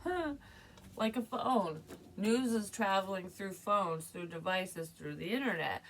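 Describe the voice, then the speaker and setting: A woman's voice: medium pitch, a little slow, a bit bright, distant mic. A woman psychic medium talking casually through a reading, rambling and swearing with frequent laughs. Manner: rambling, profane, laughs often.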